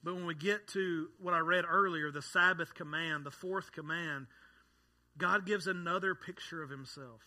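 Bright-voiced male pastor preaching. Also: on the high side, steady tone, moderate pace. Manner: conversational, joking asides to the congregation. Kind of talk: sermon.

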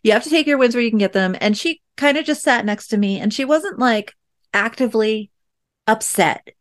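A woman's voice: fairly high pitch, normal speed. A woman in her thirties hosting a podcast, telling a personal parenting story in a chatty, reflective way with many fillers. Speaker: podcast host and parent coach. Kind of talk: casual storytelling monologue.

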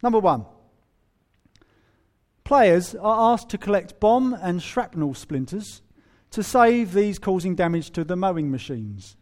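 Pastor guy, pretty high voice, jokey sermon, does little voices for quotes. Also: a little slow. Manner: humorous, animated, acts out quoted voices.

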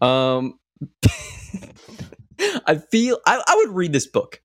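Speaking slowly in a fairly high voice with big pitch swings, this young podcast co-host wanders through relaxed conversation, stumbling over fillers and starting over often. The sound is clean studio audio with no echo.

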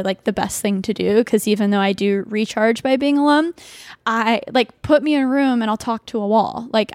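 A young adult woman chatting casually as a podcast guest, full of filler words and lively asides. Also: medium pitch, dry recording. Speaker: podcast guest and video creator. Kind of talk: casual conversational chat.

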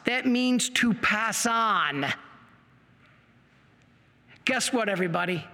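Lecturer, man, passionate and fired up, bright high voice, long hall echo. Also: animated, slow pace. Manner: passionate, gets worked up. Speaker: Catholic apologetics speaker. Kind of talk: apologetics lecture with slides.

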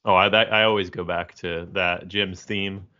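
A man co-hosting a podcast, talkative and upbeat in casual chat. His lowish voice has a bright, forward edge, heard through dull, lo-fi audio. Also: steady tone, normal speed. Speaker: podcast co-host.

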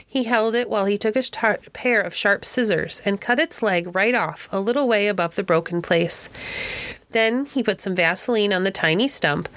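A woman reading a classic novel aloud in a clear, steady storybook manner. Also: medium pitch, no room sound. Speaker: audiobook narrator.

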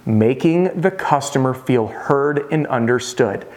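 A man coaches roofing salespeople in a casual, direct talk to camera, conversationally calling the viewer "you." He speaks a little slowly in an expressive, medium-pitched voice that's slightly mellow.

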